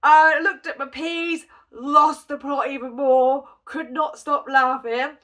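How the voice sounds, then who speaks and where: Bright-voiced chatty woman with a cold. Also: sits high, fairly even intonation, takes it slowly. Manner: chatty, giggly, rambling storytelling. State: has a cold and cough. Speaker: crochet vlogger. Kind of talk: casual storytelling vlog.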